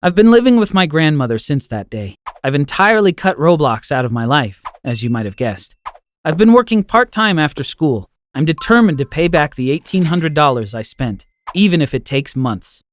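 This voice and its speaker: A man telling an animated story in the first person, emotional and expressive. His fairly high voice swings widely in pitch, carrying every turn of feeling. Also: normal speed, slight background noise. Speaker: narrator. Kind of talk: scripted storytelling narration.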